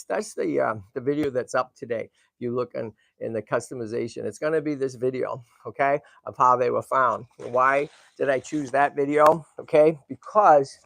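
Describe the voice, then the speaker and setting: Slightly high, creaky, and a bit bright, this middle-aged man's voice carries no echo as he hosts a laid-back stream. He gets emotional talking directly to his audience and to animals, with lots of false starts.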